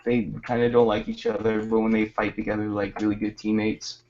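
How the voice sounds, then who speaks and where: A man's voice: lowish voice, flat delivery, fairly quick, darkish tone. A young man telling a story loosely in casual chat, laughing often. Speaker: animation collaborator. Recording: dull lo-fi sound.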